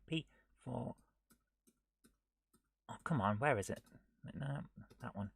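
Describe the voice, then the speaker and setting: A man streaming himself coding a retro game live, thinking aloud, muttering half to himself and scolding his software. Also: medium pitch, slow pace, vocal fry, husky, dry recording. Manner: muttering to himself while he works, often dropping to a near whisper; chatty and self-mocking, scolding the software.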